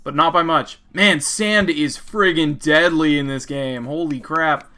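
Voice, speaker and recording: A man co-streaming a video game in casual chat, excitable, often yelping and laughing as he plays. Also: fairly high pitch, a little slow.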